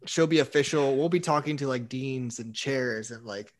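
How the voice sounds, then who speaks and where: A young man in casual chat, telling animated stories and saying "like" often. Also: medium pitch, moderate pace, a little hiss or hum. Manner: animated storyteller, acts out quotes, says "like" a lot. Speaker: university staff member.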